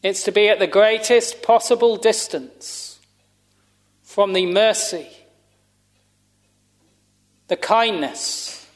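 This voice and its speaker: Male preacher, high voice, unhurried and solemn, dropping to a hush now and then. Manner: slow, solemn, measured preaching with long pauses. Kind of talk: sermon.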